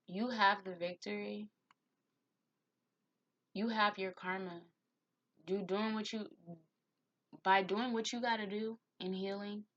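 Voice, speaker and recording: A woman's voice: mid-range voice, dull audio. A woman giving a spiritual tarot reading, heartfelt and encouraging, who admits to getting emotional. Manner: gets emotional. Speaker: tarot reader.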